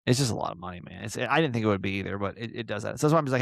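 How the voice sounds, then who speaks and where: A man hosting a casual podcast, his voice carrying a gravelly, fry-tinged texture. He rambles in a loose, self-mocking way, full of fillers and restarts. The sound is dry and close, with no room echo. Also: lowish voice, lively intonation, racing, hardly any pauses. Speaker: podcast host.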